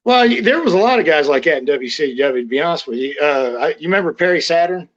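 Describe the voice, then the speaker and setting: A middle-aged man recounts old backstage stories in a casual interview, blunt and profane, often restarting his sentences. His voice sits a little high for a man. The recording sounds dull and lo-fi. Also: animated, quick pace, fairly bright tone. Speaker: interview guest, former wrestler. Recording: lo-fi muffled audio.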